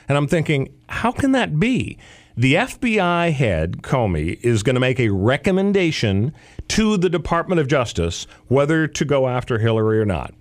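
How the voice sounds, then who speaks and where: A man's voice: medium pitch, very animated, moderate pace. Talk radio guy, wry and rambly, plain mid voice. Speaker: radio host.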